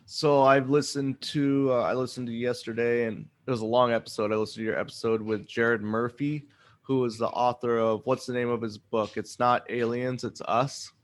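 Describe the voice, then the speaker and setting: A man's voice: medium pitch, flat delivery, normal speed. A man hosting a podcast, chatting casually and rambling with frequent self-corrections. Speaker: podcast host. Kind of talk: casual chat. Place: Oregon.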